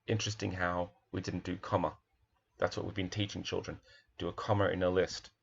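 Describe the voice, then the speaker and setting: A man's voice: sits low, flat delivery, brisk, creaky, slightly rough, highs cut off. A male primary teacher talking through a children's picture book, reflective, with many fillers and restarts.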